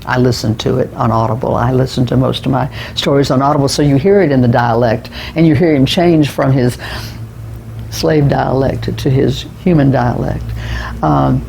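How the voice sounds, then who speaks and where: A man's voice: mid-range voice, fairly even intonation, normal speed, vocal fry, darkish tone, slight background noise, rough recording. A man giving a casual, rambling spoken book review, often restarting and repeating words.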